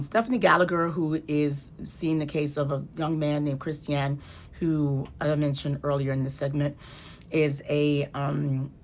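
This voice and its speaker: A woman's voice: low-pitched, slight background noise. A woman talking casually as a legal commentator, explaining court cases in a conversational way that turns heated and emphatic.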